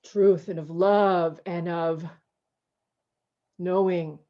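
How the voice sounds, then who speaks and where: Slow emotional woman preacher. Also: lowish voice, steady tone, dull audio. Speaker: pastor. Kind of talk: sermon. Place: at home on a video call. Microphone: video call mic.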